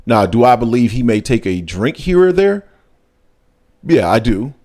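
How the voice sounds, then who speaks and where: A man hosts a sports talk show, chatting casually but emphatically, his voice jumping sharply when he makes a point. He speaks at normal speed with a medium, slightly mellow voice and big pitch swings.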